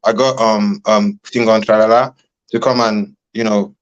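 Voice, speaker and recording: A man's voice: on the low side, steady tone, unhurried, muffled recording. A man from Cameroon chatting casually as an interview guest, loose and rambling, full of fillers.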